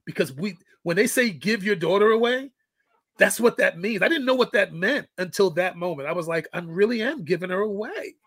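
A man's voice: high-pitched, lively intonation, normal speed, fairly bright tone, dry recording. A middle-aged man and father telling a parenting story in casual chat, acting out the quoted lines. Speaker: guest, fitness coach and father.

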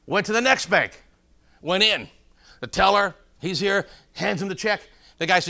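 A man's voice: sits high, expressive, moderate pace, vocal fry, bright, forceful tone. A middle-aged man preaching a sermon, telling folksy joke stories and calling out to his congregation. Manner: folksy storytelling, calls out to congregation.

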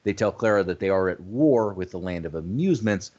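A man co-hosting a casual movie review chat, quick and animated, swearing now and then. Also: sits low, dull audio. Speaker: podcast co-host.

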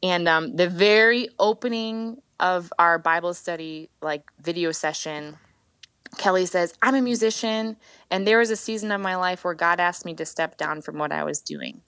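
A woman in her thirties, a worship leader, telling her faith story on a podcast guest spot in a lively, expressive way, acting out what she once said. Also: fairly low pitch, normal speed, smooth, dry recording. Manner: animated storytelling, acts out her own past words. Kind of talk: candid personal testimony.

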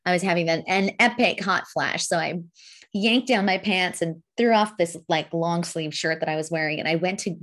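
A middle-aged woman telling a story in casual chat, giggly and expressive, laughing through her lines. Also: lowish voice, moderate pace.

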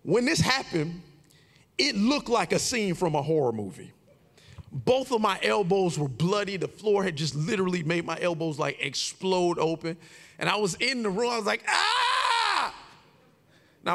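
A man in his forties preaching a sermon, telling a personal story with animated, shouted quoted lines. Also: high-pitched, brisk, big-room sound. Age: 40s. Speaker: pastor.

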